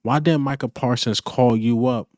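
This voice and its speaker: A man's voice: medium pitch, fairly even intonation, normal speed, a little mellow, no room sound, clean studio sound. A man hosting a fan channel, giving blunt, repetitive opinion commentary that builds to emphatic points.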